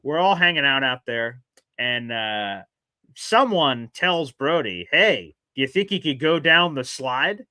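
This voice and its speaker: Radio host, male, bright forceful voice, dry close mic, lively storyteller. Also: mid-range voice, a little slow, dry recording. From South Carolina. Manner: animated, acts out voices in his stories. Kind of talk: casual call-in storytelling.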